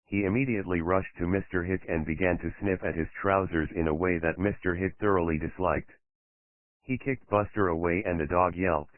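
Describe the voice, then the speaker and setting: Narrator, male, low register, tinny and dry lo-fi sound, steady measured storybook reading. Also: no room sound. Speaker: audiobook narrator. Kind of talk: children's audiobook reading.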